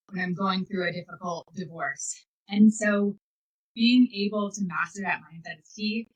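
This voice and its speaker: A woman hosting a podcast as a life coach, giving an energetic, enthusiastic motivational talk. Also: mid-range voice, slightly rough, rough recording. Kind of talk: motivational monologue.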